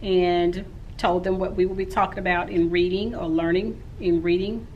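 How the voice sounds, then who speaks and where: A woman's voice: on the low side, fairly even intonation, normal speed, highs cut off, a little hiss or hum. A woman in her forties, a teacher, recapping her day in a casual, rambling vlog. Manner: rambling and talkative.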